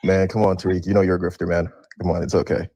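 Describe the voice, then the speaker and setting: A man's voice: deep voice, flat delivery, fast talker. A man calling into a show who argues defensively and keeps pleading "come on, man". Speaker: caller. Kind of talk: heated argument on a call. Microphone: remote audio call.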